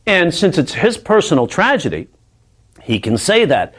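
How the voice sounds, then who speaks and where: A man's voice: on the high side, huge pitch swings, moderate pace. A male comedian talking casually and explaining his view in a reflective way. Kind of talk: casual talk.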